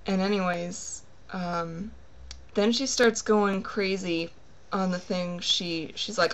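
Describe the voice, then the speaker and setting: A woman's voice: fairly low pitch, steady tone, takes it slowly. A young woman hosting a casual vlog, telling a story in a rambling way full of fillers. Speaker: vlog co-host.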